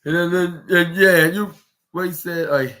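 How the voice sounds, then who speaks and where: Man, podcast host, high voice, rambling casual recap, animated retelling. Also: measured pace. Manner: rambling play-by-play with many restarts and fillers; animated, acts out quoted lines. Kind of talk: casual wrestling episode recap.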